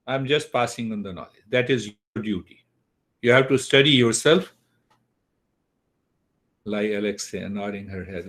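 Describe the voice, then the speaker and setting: Over a computer mic in an online class, a man gives a spiritual lecture on Eastern wisdom. His voice is mid-range with a fairly bright tone, and he repeats key words while often checking in with his listeners.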